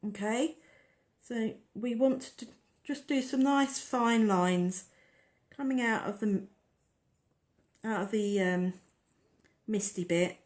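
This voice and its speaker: A woman's voice: medium pitch, slow, darkish tone. A woman hosting a casual nail-art tutorial, chatting and rambling as she works on the nails. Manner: chatty, rambling, talks while working.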